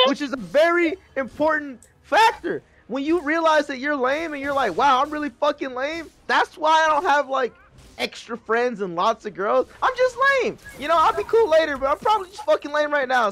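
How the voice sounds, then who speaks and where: Very high-voiced young man, profane. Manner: profane, rambling, with bursts of loud excitement. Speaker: streamer telling a story. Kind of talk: casual storytelling while gaming.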